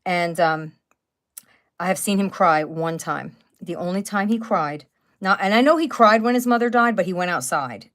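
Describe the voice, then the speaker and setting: A woman's voice: on the low side, moderate pace, fairly bright tone. A woman in her fifties chatting casually on a live stream, telling rambling stories full of fillers and restarts. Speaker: craft channel host. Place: at home by a wood stove.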